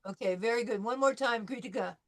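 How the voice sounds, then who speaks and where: Female language teacher, voice a touch high. Patient and encouraging, models sounds slowly, repeats drills, calls on students. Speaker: French teacher. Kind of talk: pronunciation drill in a live class.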